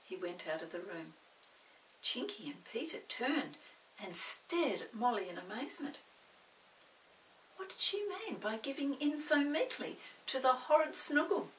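An older woman reading a children's book aloud, expressive and animated. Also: a little high, measured pace, recorded from a distance, a little hiss or hum, rough recording. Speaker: storyteller.

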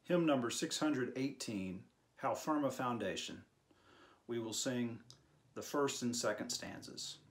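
A man leading a church service, announcing a hymn and reading a children's Bible story in a slow, gentle storytelling manner. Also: mid-range voice.

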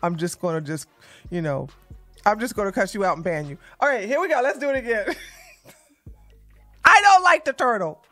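A woman giving casual, animated reaction commentary as a news vlogger, chatty and often laughing. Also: medium pitch, moderate pace, long pauses, soft background music.

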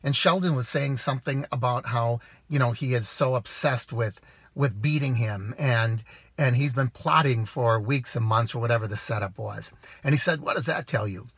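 A man's voice: medium pitch, normal speed, breathy edge, dry recording. A man vlogging about rideshare driving outdoors, giving earnest, preachy advice to camera with rhetorical questions. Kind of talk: casual advice monologue to camera.

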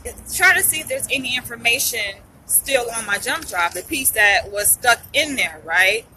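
A woman's voice: on the high side, sharp tone, poor audio. A young woman, venting in a casual vlog. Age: young adult. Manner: upset, venting, says y'all a lot. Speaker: vlogger.

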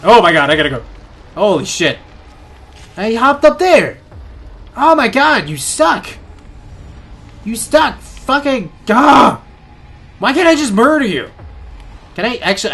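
A young man with a high, bouncy voice comments on a horror game he's playing. He gets excited fast, swears a lot and shouts at the monsters on screen. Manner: excitable, swears often, yells at enemies. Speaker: gaming YouTuber. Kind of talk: let's play commentary.

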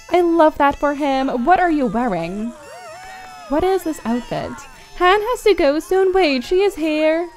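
A high-voiced young woman gives a relaxed, unhurried running commentary on her gameplay. She is bubbly and chatty, gasping and giggling as she reacts, with soft game music playing faintly behind her. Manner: bubbly, chatty, frequent laughs and gasps.

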